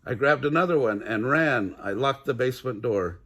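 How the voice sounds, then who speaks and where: A man's voice: medium pitch, lively intonation, moderate pace, fairly bright tone. An older man reading a children's picture book aloud, chuckling now and then as he reads. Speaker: storybook reader.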